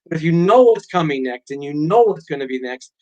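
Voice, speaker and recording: A man's voice: on the high side, fairly quick, lo-fi sound. A middle-aged man, a guest author and pilot, telling stories in a casual interview and acting out quotes. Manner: animated storyteller, acts out quotes.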